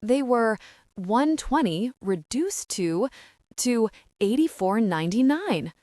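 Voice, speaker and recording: A flustered young woman talks fast and eagerly about her money troubles, as a narrator voices her. Her pitch jumps around a lot, and the sound is dry and close. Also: big pitch swings, a little mellow, no echo. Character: flustered, chatty young woman short on cash.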